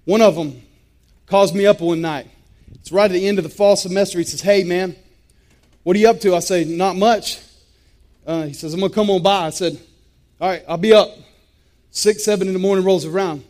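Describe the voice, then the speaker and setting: Intense high-voiced man. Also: a little fast, pauses often, darkish tone. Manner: intense, repetitive, emphatic storytelling. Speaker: testimony speaker. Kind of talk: personal testimony talk.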